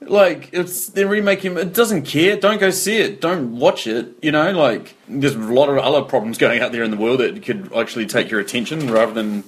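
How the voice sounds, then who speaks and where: A man's voice: mid-range voice, moderate pace, hardly any pauses. A man in a casual movie chat, joking and acting out scenes as he retells them. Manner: jokey, animated, acts out scenes. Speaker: podcast co-host.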